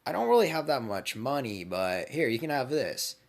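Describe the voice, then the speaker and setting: A man's voice: medium pitch, very animated, normal speed, vocal fry. A man voicing a brash, cocky young male ninja in a casual retelling, speaking in an offhand, boastful way.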